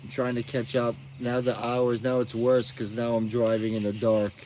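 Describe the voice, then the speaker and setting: A man's voice: mid-range voice, monotone, normal speed, darkish tone, slight background noise, poor audio. A middle-aged man hosting a casual live stream outdoors at night, sleepy and yawning as he chats with viewers, crickets behind him.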